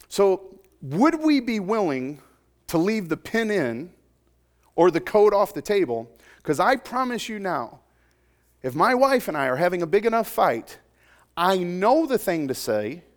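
A man preaching a sermon to a congregation, conversational and joking, swinging from loud emphatic points to soft, intimate asides. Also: sits high. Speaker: pastor.

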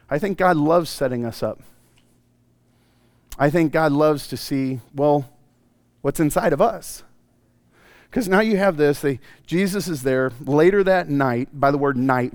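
Man, pastor preaching, comic storyteller, fairly high voice, dry close sound. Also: unhurried, no room sound. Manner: comedic, animated storytelling with playful asides. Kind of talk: sermon. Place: church sanctuary.

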